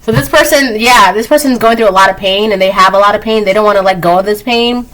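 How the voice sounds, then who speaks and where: A woman doing a casual spoken tarot reading, chatty, laughing often and acting out quick quoted voices. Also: mid-range voice, fairly bright tone, rough recording. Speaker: tarot reader.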